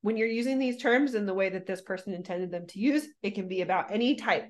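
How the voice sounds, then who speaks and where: A woman's voice: mid-range voice, quick pace. Chatty woman podcast co-host. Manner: rambling, restarts sentences, laughs often. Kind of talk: casual chat.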